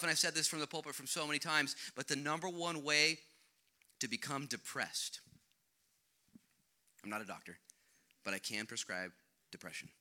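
Middle-aged male pastor, very bright tone, conversational jokey sermon delivery. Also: fairly high pitch, moderate pace, pauses often. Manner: energetic, conversational, jokey, with big swings in loudness.

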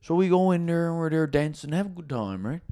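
A man with a Newfoundland accent tells a crude story on a casual podcast. His voice sits a bit high, and his telling is animated and full of laughs. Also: a little fast. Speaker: comedian guest.

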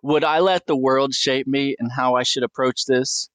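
A man's voice: medium pitch, fairly even intonation, moderate pace, fairly bright tone, dry recording. A man preaching a sermon, earnestly asking questions and reading scripture aloud with small stumbles.

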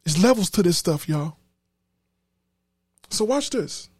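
Man, podcast host, emphatic preacherly commentary, lively high voice, dry sound. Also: slow pace, husky, dry recording. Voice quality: emphatic, preacherly, repeats words. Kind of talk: casual commentary.

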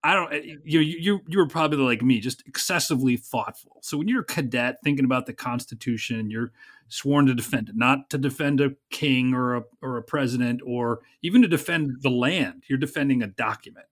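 A man's voice: medium pitch, brisk. Man, interview host, conversational and probing. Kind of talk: casual interview.

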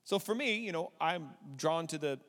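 Pastor, male, 30s, high voice, candid conversational sermon, reverberant hall. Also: animated, moderate pace, a bit bright. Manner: conversational, candid preaching with rising emphasis.

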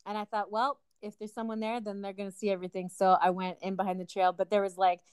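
A woman's voice: mid-range voice, flat delivery, quick pace, a little mellow, smooth, no echo. A woman co-hosting a podcast, telling a story in casual chat, rambling with lots of fillers. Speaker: podcast co-host.

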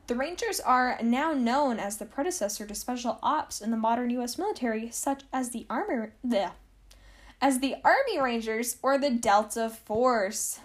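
A young woman hosts a podcast from her home and tells a history story in a casual, chatty way. She restarts sentences often and fills her speech with "like." Her voice sits fairly high. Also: expressive, moderate pace. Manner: chatty, full of "like" and self-corrections. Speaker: podcast host.

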